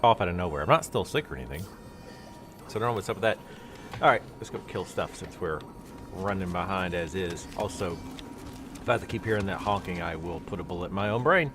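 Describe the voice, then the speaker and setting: A man's voice: low-pitched, quick pace, over music. A man with a stuffy nose giving casual, rambling commentary while he plays a game on a live stream. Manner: rambling, explanatory, with many fillers. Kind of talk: casual let's-play commentary.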